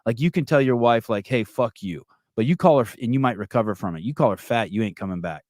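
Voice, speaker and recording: A man hosting a podcast, telling a story in casual chat, swearing often and getting animated. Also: medium pitch, fast, no echo, studio quality. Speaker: podcast host.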